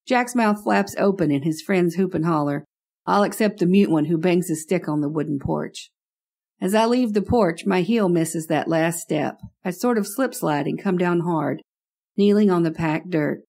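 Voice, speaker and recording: A woman's voice: lowish voice, moderate pace, vocal fry, a little mellow. A woman narrating a first-person horror story in a wry, conversational way.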